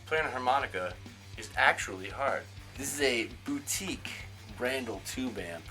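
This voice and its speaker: A man's voice: medium pitch, animated, normal speed. Young punk dude touring his place, swears a lot, kinda goofy, music going in the back. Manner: profane, jokey and offhand. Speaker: band member giving a home tour. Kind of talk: casual home-tour vlog. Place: home, indoors then backyard.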